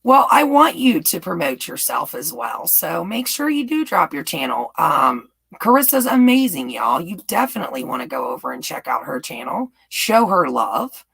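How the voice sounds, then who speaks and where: Woman streamer, light Southern US lilt, raspy with vocal fry, gushes and laughs a lot. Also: fairly low pitch, sing-song, moderate pace, fairly bright tone, low-quality recording. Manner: chatty, gushing, laughs often. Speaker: YouTube live-stream host. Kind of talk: casual live-stream chat answering viewers. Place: home in Texas.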